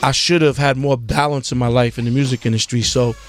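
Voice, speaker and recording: A man's voice: mid-range voice, fairly even intonation, brisk, faint music behind. A man being interviewed as a guest on a talk show, talking loosely, with lots of "you know", and preaching a bit. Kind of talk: casual talk-show chat.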